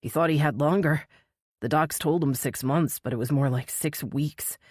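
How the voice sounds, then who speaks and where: A woman voicing a proud, grieving young man whose voice is deep and solemn. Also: moderate pace, no echo, studio quality, natural voice. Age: young adult.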